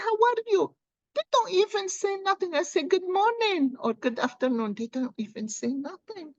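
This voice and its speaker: A woman who reads tarot and coffee cups gives viewers a heartfelt, casual motivational talk, earnest and encouraging, repeating phrases for emphasis. She speaks slowly at medium pitch. The recording is dry and dull, with no echo or room sound.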